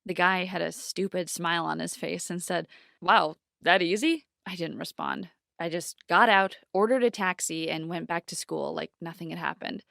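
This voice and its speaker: A woman's voice: lowish voice, gravelly, dry recording, clean studio sound. Woman telling a dramatic first-person story. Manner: dramatic, yells out quoted lines. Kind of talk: scripted first-person narration.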